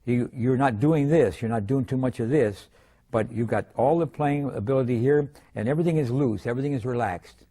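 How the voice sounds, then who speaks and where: An older man giving a drum lesson, explaining stick grips in a calm, methodical way with frequent pauses. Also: medium pitch, husky. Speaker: drum instructor. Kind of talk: demonstrating drum technique.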